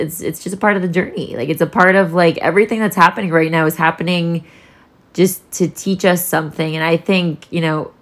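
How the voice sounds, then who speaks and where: A young woman with a low voice talks straight to camera in a casual solo vlog. She rambles candidly, circling back on her thoughts and swearing freely. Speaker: vlogger.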